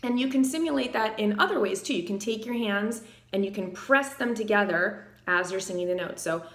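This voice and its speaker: A woman vocal coach with a low alto voice explaining singing technique and singing short demonstration phrases. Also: a little fast, echoey room. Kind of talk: singing tutorial.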